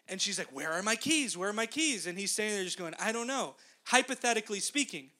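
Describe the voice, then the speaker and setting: Bright high-voiced male pastor. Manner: conversational, animated storytelling. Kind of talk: sermon.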